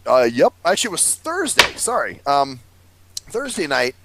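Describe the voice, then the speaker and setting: A man's voice: fairly high pitch, wildly swooping pitch, moderate pace, heavy background noise. A man rambling through a long story in casual chat, swearing freely and laughing often. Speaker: podcast co-host.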